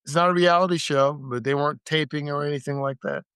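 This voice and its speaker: A man's voice: on the high side, fairly even intonation, quick pace, fairly bright tone, clean tone, no room sound, studio quality. A man co-hosting a casual chat, asking follow-up questions with small stammers. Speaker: co-host.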